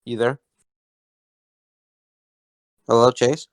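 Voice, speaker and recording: Halting man arguing on a dry mic. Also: mid-range voice, level tone, smooth, no echo. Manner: hesitant, halting, keeps interrupting himself. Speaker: debate opponent. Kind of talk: casual online debate.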